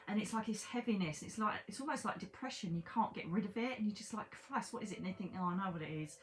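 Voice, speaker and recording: A woman who works as a psychic medium, giving a chatty, emphatic reading straight to the listener, repeating words for stress, swearing casually and calling them darling. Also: medium pitch. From Britain. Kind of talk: casual one-to-one reading to camera.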